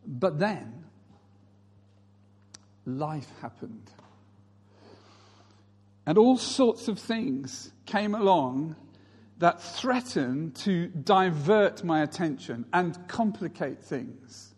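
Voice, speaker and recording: Husky high-voiced preacher in a hall. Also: male voice, expressive, slow, darkish tone. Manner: storytelling, mimics others in raised voices. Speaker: pastor. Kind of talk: sermon.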